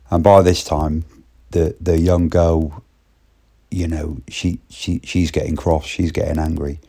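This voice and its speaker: Man, deep voice, slow and rambling, casual storyteller. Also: little pitch movement, dark tone, slightly rough. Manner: rambling, repetitive restarts.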